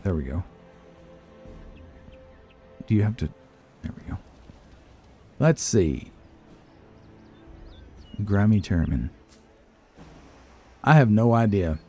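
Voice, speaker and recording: An older man chats through his first game stream in a low, mellow voice. He is hesitant and self-deprecating, and he talks to himself and to the game as he fumbles along. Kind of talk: casual gameplay commentary.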